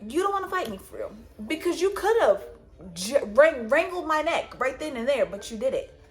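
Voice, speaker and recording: A woman with a high voice tells a story casually straight to the camera. She repeats her lines and acts out the dialogue as she goes. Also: moderate pace, soft background music. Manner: animated retelling with repetitions and quoted dialogue. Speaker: vlogger.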